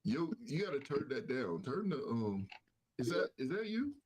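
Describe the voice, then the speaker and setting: A man's voice: mid-range voice, very animated, normal speed. A man co-hosting a casual sports talk show, talking with a nasal voice, repeating himself and using lots of fillers. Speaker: podcast co-host.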